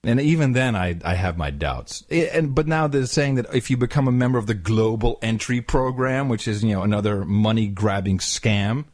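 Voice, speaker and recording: A man's voice: on the low side, moderate pace, hardly any pauses, darkish tone, no echo, clean studio sound. A man co-hosting a podcast, telling a travel story casually and acting out the people he quotes in mocking voices. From Netherlands. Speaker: podcast co-host.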